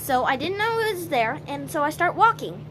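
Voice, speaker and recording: A woman's voice: high voice, big pitch swings, normal speed, noisy background. A woman vlogger telling a story casually to camera, rambling with many restarts.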